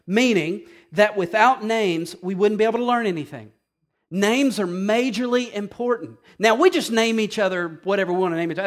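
A male pastor delivers a sermon in a casual, chatty way, mixing scripture with humorous asides. His voice rides slightly above the usual male pitch. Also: normal speed. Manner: conversational preaching, asides and humor.

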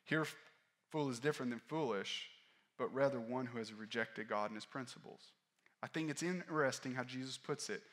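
A male pastor preaching a sermon in a candid, conversational way, rising to stress points and dropping low and quiet for personal asides. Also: normal speed. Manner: candid, conversational preaching that rises and falls in force.

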